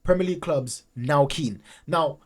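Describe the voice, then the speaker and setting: A man hosting a fan channel, commenting casually and excitedly over highlight clips, often repeating himself and restarting sentences. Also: a little slow. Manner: excitable, repeats phrases, many restarts and fillers. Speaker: football fan channel host.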